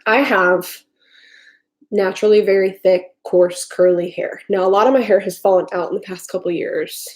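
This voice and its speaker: A woman's voice: mid-range voice, fairly even intonation, moderate pace. A woman from Tennessee chatting casually on a live stream from her home kitchen, rambling and swearing freely with lots of filler words. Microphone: desktop computer mic.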